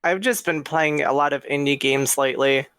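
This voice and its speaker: A man's voice: a little high, moderate pace, fairly bright tone, clear, resonant tone, no echo. A man co-hosting a podcast, chatting casually and enthusiastically about games. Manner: enthusiastic, talks through game details. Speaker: podcast co-host. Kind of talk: casual chat.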